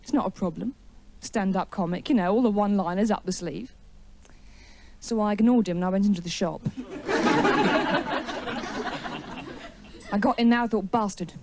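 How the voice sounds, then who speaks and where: A woman's voice: medium pitch, expressive, normal speed, pauses often, darkish tone, a little hiss or hum. A woman doing a wry, chatty stand-up comedy routine in a TV studio, with an audience laughing.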